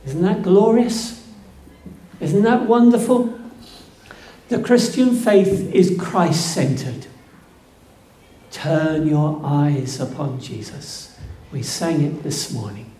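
A man preaching a sermon, slow and emphatic, building to fervent peaks. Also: on the high side, warm tone. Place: church. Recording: echoey church room.

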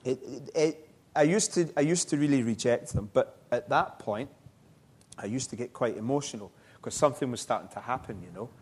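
A middle-aged man, telling his life story in an interview, halting and reflective with frequent restarts. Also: medium pitch, darkish tone, husky. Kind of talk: personal testimony in an interview.

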